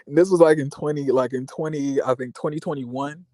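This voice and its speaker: A man's voice: a little high, steady tone, moderate pace, warm tone, no echo. A young man vlogging, telling a personal story in a rambling, candid way with many fillers. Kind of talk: casual venting monologue.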